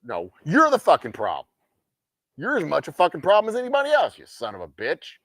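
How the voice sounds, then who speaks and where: A man's voice: fairly high pitch, wildly swooping pitch, fairly quick, fairly bright tone, no room sound, studio quality. A man hosting a game night livestream, ranting in casual, profane talk and mocking people in sarcastic quoted voices. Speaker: host of a game night stream.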